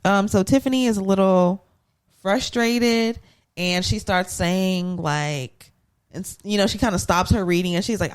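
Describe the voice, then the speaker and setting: A woman co-hosting a podcast, casually recapping a reality show, animated and acting out what people said. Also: medium pitch, measured pace, clear, resonant tone. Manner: animated, acts out quotes in playful voices. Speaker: podcast co-host.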